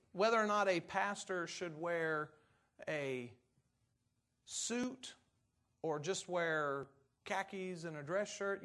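A man with a notably high voice preaches to his congregation. He speaks in an easygoing, storytelling way, full of asides, then turns firm and emphatic when he drives home a point of doctrine. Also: a bit bright. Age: adult parent. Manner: folksy and conversational, turning emphatic on doctrine. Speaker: pastor. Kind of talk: sermon.

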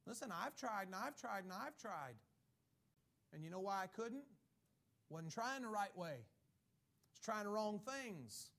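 A man's voice: high voice, expressive, measured pace, vocal fry, long pauses, fairly bright tone. A man preaching a sermon with emphatic delivery, reading scripture and mimicking people's excuses. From has Irish ancestry. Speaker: pastor.

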